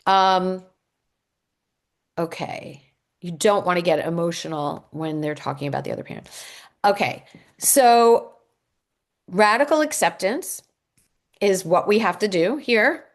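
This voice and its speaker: A woman's voice: on the low side, measured pace, pauses often. A middle-aged woman, a divorce coach, giving a workshop talk and answering questions in an earnest, reassuring way, with many ums and restarts.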